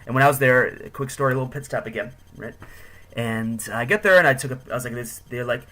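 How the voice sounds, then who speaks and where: A man's voice: mid-range voice, fast talker, sharp tone. A young man telling travel stories casually, rambling with many fillers. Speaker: travel vlogger. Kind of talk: casual storytelling.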